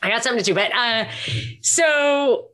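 A woman hosting a podcast, briskly steering the conversation and prompting guests. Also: a little high, expressive, pushed and bright. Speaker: podcast host. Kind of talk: casual chat.

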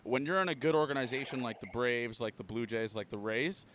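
A young man hosting a casual chat, brash and excitable, swearing freely. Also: mid-range voice, a little fast. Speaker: podcast host.

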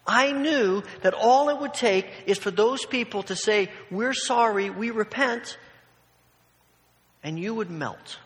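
Quick sermon aside: a preacher putting on a sulky, furious prophet, griping and worn out, echoing in a big hall. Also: male voice, high-pitched, bright, forceful tone, full character voice. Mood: bitter complaint. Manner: bitter, exasperated complaining. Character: grumbling angry male prophet, fed up.

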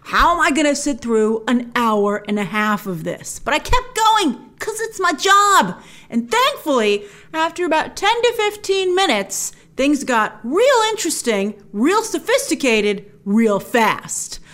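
A young adult woman chatting through a casual film review, animated and chatty, acting out her own reactions in mock-dramatic asides. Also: high voice, a little slow.

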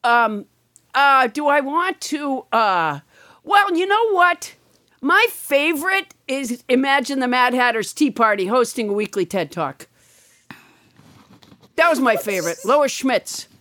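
High, lively, playful woman co-host. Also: no room sound, studio quality. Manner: playful, teasing, quick to joke. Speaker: podcast co-host and author. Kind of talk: casual comedic chat.

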